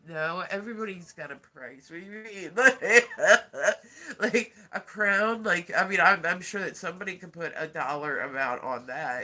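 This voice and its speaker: A congested man with a stuffy nose hosts a rambling livestream chat. His voice sits a bit high and rings very bright and sharp, broken often by laughs and casual swearing. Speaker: livestream host.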